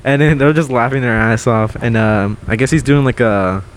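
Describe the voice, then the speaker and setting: A young man co-hosting a podcast, telling a story in casual chat, swearing and loudly acting out what people said. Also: mid-range voice, normal speed, a little hiss or hum. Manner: animated, swears a lot, acts out quotes loudly. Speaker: podcast co-host.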